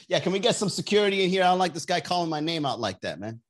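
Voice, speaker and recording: A man's voice: high voice, very animated, very fast, few pauses. A man ranting casually and comedically as a podcast host, loose and slangy, swearing and laughing at his own jokes. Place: Miami area.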